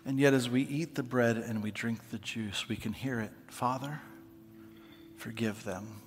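A man preaching as a pastor, earnest and emphatic, sometimes dropping to a soft, quiet voice for prayer, in a large church hall with a balcony. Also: mid-range voice, steady tone, moderate pace, a little hiss or hum. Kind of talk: sermon. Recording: long hall reverb.

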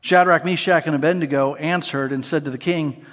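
A man preaching a sermon as pastor, conversational and animated, with playful asides to the congregation. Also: a little high, brisk. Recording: long hall reverb.

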